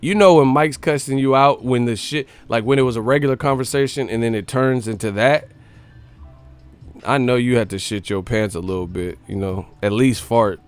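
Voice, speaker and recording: A young man hosting a casual boxing live stream, talking loosely and profanely, now and then doing quick impressions. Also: medium pitch, clean tone, faint music behind. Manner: profane, animated, slips into impressions.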